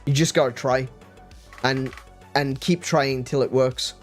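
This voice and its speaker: A man hosting a casual livestream chat, animated and quick to laugh, with frequent restarts. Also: medium pitch, soft background music. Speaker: streamer host.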